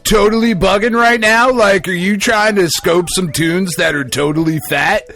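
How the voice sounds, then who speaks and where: A podcast host putting on an overexcited 1990s slang-talking dude announcer for a comedic mock promo. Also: male voice, sits high, moderate pace, vocal fry, full character voice. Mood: hyped. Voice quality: overexcited, loud valley-slang delivery.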